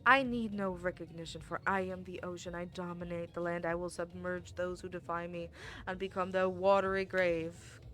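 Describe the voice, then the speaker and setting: A woman's voice: fairly low pitch, little pitch movement, normal speed, a bit bright, soft background music, natural voice. A woman voicing a grandiose, domineering ocean spirit in a video game, speaking in solemn declarations. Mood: imperious.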